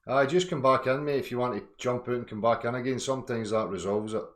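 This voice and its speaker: A man's voice: medium pitch, fast, fairly bright tone. A man hosting a casual live stream, talking in a rambling, earnest way.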